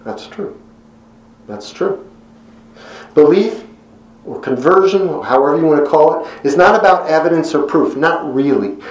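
A man delivers a sermon in a slightly raised voice, earnest and conversational. He pauses for effect and leans hard into the lines he quotes. The sound carries a roomy echo. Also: fairly high pitch, expressive. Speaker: preacher.

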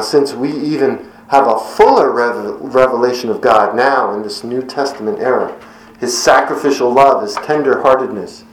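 A middle-aged man preaching a devotional sermon in an earnest, measured way, slowing on key words. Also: medium pitch. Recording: echoey room with faint ambience.

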